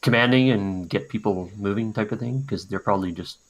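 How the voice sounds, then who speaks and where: A man's voice: fairly low pitch, a little fast. A man playing in an online tabletop game, thinking aloud hesitantly with many fillers. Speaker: player. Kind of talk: casual online game chat.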